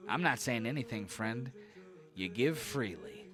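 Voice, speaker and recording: A man doing a sly wiry little gnome, high and pushy. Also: expressive, a little slow, natural voice. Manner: wheedling, folksy, pushy. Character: small wiry male gnome, sly and grasping.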